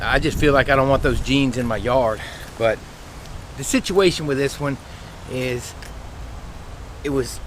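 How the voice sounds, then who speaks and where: A man, a beekeeper telling a rambling, folksy story outdoors in his bee yard, his voice a little squeaky from the dry air. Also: measured pace, pauses often, a bit bright, a little hiss or hum. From Louisiana, USA. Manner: chatty, folksy, rambling with restarts. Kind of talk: casual vlog storytelling.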